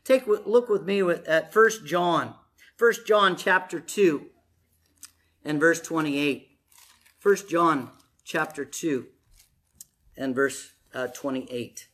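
A male pastor preaching a sermon to a congregation in church, emphatic, moving from hushed to loud. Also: on the high side, takes it slowly, long pauses.

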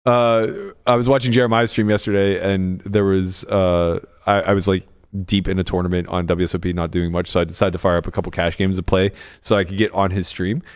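A man's voice: low voice, little pitch movement, fairly quick, hardly any pauses, clear, resonant tone. A young man on a podcast, casually telling a poker story, swearing freely and acting out both sides of the hand. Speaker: podcast co-host.

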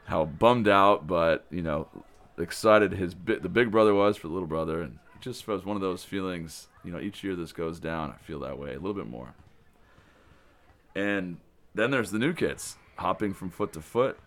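Male camp director, lower voice, warm enthusiastic storyteller, loose and rambling. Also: lively intonation, moderate pace. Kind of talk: casual spoken recap of the day.

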